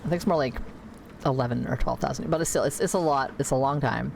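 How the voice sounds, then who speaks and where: Low-voiced chatty woman streamer. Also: quick pace, vocal fry, a little hiss or hum, rough recording. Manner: rambling, chatty, self-correcting. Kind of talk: casual gameplay chat. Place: home computer room.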